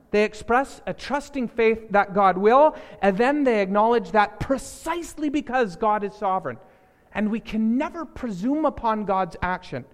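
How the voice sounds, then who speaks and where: Preaching as a pastor, this man speaks with emphasis, circling back to key phrases and shifting from booming statements to hushed side remarks. His voice is high-pitched, and the audio carries a big-room sound.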